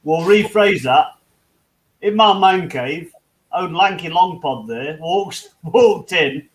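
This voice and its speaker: A man's voice: a little high, lively intonation, takes it slowly, low-quality recording. A man from the UK chatting casually with friends, rambling through stories, swearing freely and laughing at himself. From United Kingdom. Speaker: hangout host. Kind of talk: casual chat among friends.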